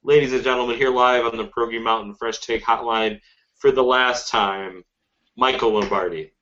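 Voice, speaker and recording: A male podcast host with a mid-pitched voice who jokes around in a mock-announcer tone. The recording is dull and lo-fi. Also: steady tone, moderate pace, bright, forceful tone, slight background noise. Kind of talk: comedy podcast banter.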